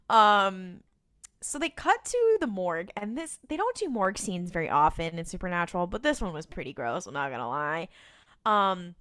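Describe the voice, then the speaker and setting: A woman's voice: medium pitch, big pitch swings, moderate pace, a bit bright. A woman co-hosting a casual rewatch podcast, retelling an episode and acting out the characters' lines with laughter. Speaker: podcast co-host.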